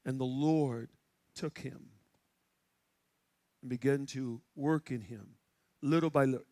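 A male pastor from Chicago with a Chicago accent, preaching and telling stories, going from loud shouts to hushed quiet. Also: medium pitch, lively intonation, moderate pace, long pauses. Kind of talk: sermon. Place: church sanctuary.

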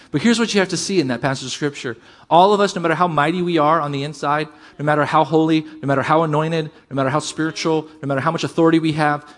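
Animated male pastor preaching. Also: fairly high pitch. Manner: animated, swings from loud emphasis to quiet asides. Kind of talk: sermon.

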